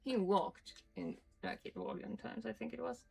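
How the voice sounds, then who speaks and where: A woman's voice: on the high side, wildly swooping pitch, moderate pace, creaky, darkish tone, slight background noise, low-quality recording. A woman with a Northern Norwegian accent, rambling chattily and swearing as she streams a game. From Norway. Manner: rambling, chatty and profane, mutters asides. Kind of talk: casual gaming commentary.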